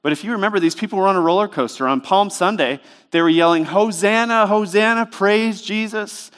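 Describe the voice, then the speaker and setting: A man's voice: a little high, fast talker. A man preaching a sermon in a church, speaking in a conversational, emphatic way with lots of rhetorical questions. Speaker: pastor.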